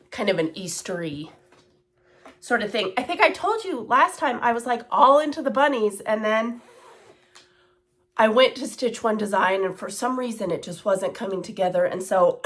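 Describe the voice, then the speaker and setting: A woman in her thirties talks about her needlework in an unhurried way. She wanders off into asides and fillers, and her pitch sits in a middle range. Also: fairly bright tone. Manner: rambling and chatty, with many fillers and asides. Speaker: cross-stitch vlogger. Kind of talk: casual chat.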